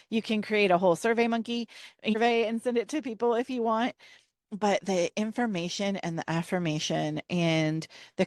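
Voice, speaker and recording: A woman's voice: mid-range voice, no room sound. Encouraging woman therapist, dry close sound. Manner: conversational and encouraging, with frequent "right?" and "you know". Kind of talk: faith-based talk on trauma healing.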